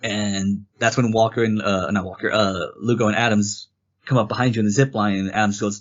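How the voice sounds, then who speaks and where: Guy co-hosting a game podcast, kinda low voice, rambly retelling, muffled sound. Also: fairly quick, breathy edge. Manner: rambling, animated retelling with quoted character lines. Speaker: podcast co-host. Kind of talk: casual game review chat.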